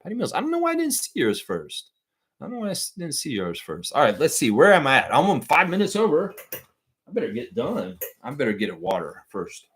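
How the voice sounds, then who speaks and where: A man's voice: mid-range voice, wildly swooping pitch, fairly quick, a bit bright, slightly rough. A man hosting a casual live stream, chatting loosely and reading viewer comments aloud. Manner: chatty, reads chat aloud, sings snatches of songs.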